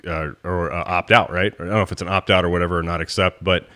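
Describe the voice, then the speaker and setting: Low-voiced man telling a fan story. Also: fast. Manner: animated storyteller, swears freely. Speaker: podcast host. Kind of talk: casual sports chat.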